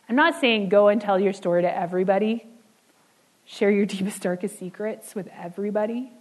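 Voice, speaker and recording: A woman preaching a sermon in an earnest way, slowing down and dropping soft on key words. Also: mid-range voice, poor audio.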